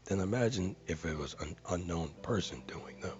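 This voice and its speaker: A man's voice: low voice, moderate pace, a little mellow, muffled recording. A man earnestly reading a viewer comment aloud, carefully and with dramatic stresses.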